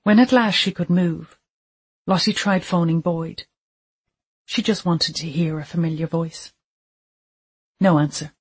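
An audiobook narrator reads a dark thriller in a calm, measured way. The voice is mid-pitched and noticeably breathy, with steady scripted pacing.

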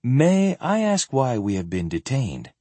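Man doing a calm, wry knight. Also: mid-range voice, unhurried, husky, no room sound, voice pushed up, heavily acted. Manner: quiet, polite, mildly ironic.

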